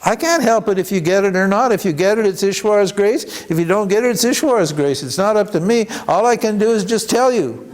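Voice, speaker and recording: A man giving an informal workshop talk as a spiritual teacher, animated and acting out the voices he quotes. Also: high-pitched, brisk, few pauses. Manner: animated, acts out quoted voices, chuckles between points.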